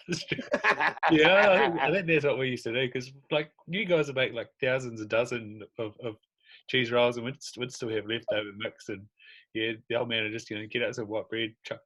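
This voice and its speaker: Bright-voiced, easygoing New host. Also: male voice, medium pitch, steady tone, a little fast. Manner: laughs often, easygoing questions. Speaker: podcast host. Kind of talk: casual interview chat.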